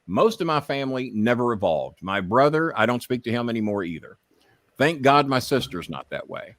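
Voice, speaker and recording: A man's voice: mid-range voice, normal speed, no room sound. A man who is a podcast guest, telling candid stories in a profane, impassioned way that grows heated as he rants. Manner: profane, impassioned, animated when ranting. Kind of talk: candid storytelling.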